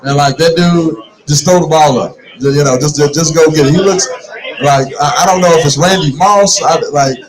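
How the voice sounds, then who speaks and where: A middle-aged man hosting a casual sports talk show in a bar, animated and opinionated, repeating words when fired up. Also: fairly high pitch, normal speed. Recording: live in a noisy bar crowd. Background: bar crowd chatter.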